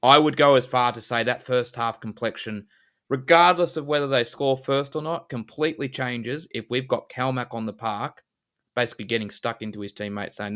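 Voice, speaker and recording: A man co-hosting a football podcast, giving frank, measured analysis in a casual style. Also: mid-range voice, fairly bright tone, smooth. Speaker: podcast co-host.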